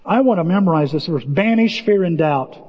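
A man preaching a sermon as pastor, animated, acting out quotes and often repeating words. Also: sits high, brisk, slightly rough, long reverb tail, highs cut off.

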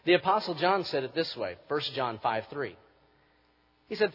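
A man preaching a sermon as pastor, moving from quiet reflection to forceful emphasis. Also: mid-range voice, very animated, normal speed, breathy edge. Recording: muffled recording with long hall reverb.

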